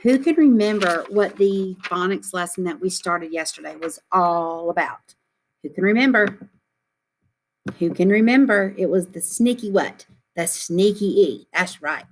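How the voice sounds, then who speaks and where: A woman teacher leading a phonics lesson for young children, speaking slowly and clearly and repeating questions for the kids to echo. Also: medium pitch.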